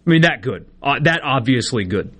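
Male co-host on sports radio, mid-pitched voice, laid-back, jokey asides. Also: lively intonation, fairly quick, fairly bright tone, breathy edge. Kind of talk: casual sports talk banter.

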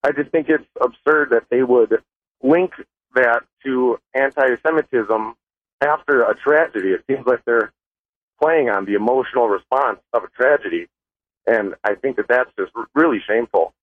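Male caller, mid-pitched, earnest and indignant, heard through a phone line. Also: moderate pace, no echo. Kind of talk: call-in talk radio. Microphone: telephone.

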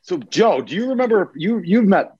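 A man's voice: sits high, sing-song, normal speed, warm tone, slightly rough, dull audio. A man on a podcast telling a story in casual chat, laughing along. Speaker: podcast co-host.

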